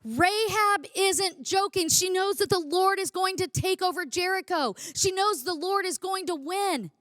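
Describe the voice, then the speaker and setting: Woman preacher, high voice, dry close sound, emphatic and repetitive sermon delivery. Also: a little slow, few pauses, a bit bright, no room sound. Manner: emphatic, repeats phrases for effect.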